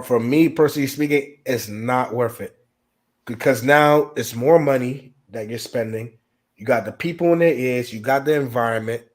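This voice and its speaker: A man in a casual discussion, talking in a measured, reflective way with some emphatic moments. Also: medium pitch.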